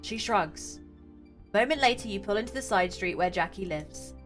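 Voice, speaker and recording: Excitable woman streaming a story game. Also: mid-range voice, soft background music. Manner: excitable, quick outbursts, laughs at herself. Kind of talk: reading a story game aloud with live reactions.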